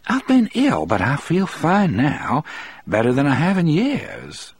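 A man doing a cheery, gentle old woman. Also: huge pitch swings, unhurried, husky, no room sound, full character voice. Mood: cheerful. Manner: bright, eager, lilting falsetto.

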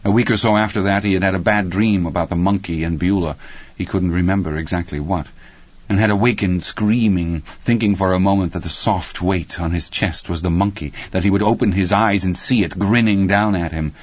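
A man narrating a story in a steady, measured audiobook reading. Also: low voice, no room sound, highs cut off.

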